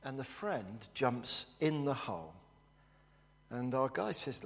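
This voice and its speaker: Earnest preacher in a reverberant church. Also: male voice, medium pitch, very animated, slow, vocal fry. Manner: earnest, storytelling, hushed in prayer. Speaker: pastor. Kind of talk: sermon.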